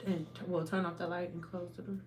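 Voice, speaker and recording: A woman's voice: lowish voice, quick pace, a little hiss or hum. Emphatic woman hosting a hair livestream. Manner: animated, emphatic, addresses viewers as y'all. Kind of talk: casual livestream talk to viewers. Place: at home.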